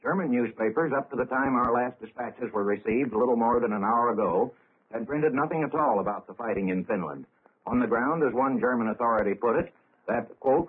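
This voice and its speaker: A man reading a 1930s radio news bulletin in a measured, formal way with dry, wry asides. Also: mid-range voice, husky. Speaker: radio newscaster. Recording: tinny lo-fi 1930s radio broadcast.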